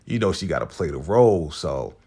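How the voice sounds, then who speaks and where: A man's voice: very deep voice, sing-song, brisk, dark tone, husky. A man hosting a casual recap of a TV episode, retelling the scenes in laid-back slang and briefly acting out what the characters say. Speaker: TV show recap host.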